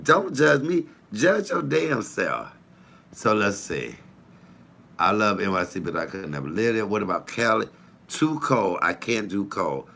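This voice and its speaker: A man talks loosely to his viewers. His voice sits deep yet comes out bright and forceful. He tells animated stories full of cussing and teasing asides. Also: a little slow, vocal fry. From Detroit, USA. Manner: animated, swearing storyteller with playful asides. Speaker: comedian hosting a live chat show. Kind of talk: casual chat to viewers.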